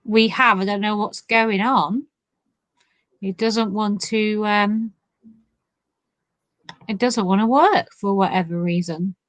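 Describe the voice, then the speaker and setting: A woman's voice: medium pitch, slow pace, pauses often, a bit bright, dry recording, low-quality recording. Chatty woman, dry close sound. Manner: chatty, laughs often, teasing. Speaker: co-host of online festival livestream. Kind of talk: casual chat.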